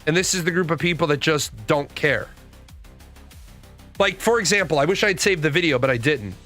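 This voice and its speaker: A man's voice: on the high side, expressive, moderate pace, bright, forceful tone, faint music behind. A middle-aged man giving blunt, profane opinions in casual commentary, answering his viewers' comments as a show host. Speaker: podcast host.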